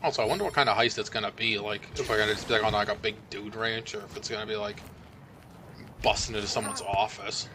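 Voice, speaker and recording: A man's voice: on the low side, steady tone, fast, background noise. A man streaming a co-op game, chatting casually and rambling with lots of fillers. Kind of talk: casual gameplay chat. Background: game music.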